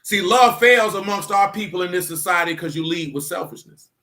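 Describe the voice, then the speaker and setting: A man's voice: high-pitched, fairly quick, pushed and bright. A man giving an informal sermon in a colloquial, emphatic way, stretching out his stressed phrases. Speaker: teacher in a religious assembly.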